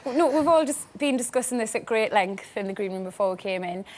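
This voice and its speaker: A woman's voice: mid-range voice, expressive, brisk, a little hiss or hum. Giggly, bubbly female panel guest. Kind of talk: panel show chat.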